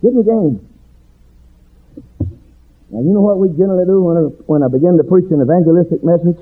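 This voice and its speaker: A man preaching a sermon in a rhythmic, swooping cadence, building to shouted refrains. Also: sits high, fast, slightly rough. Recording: tinny phone-like sound.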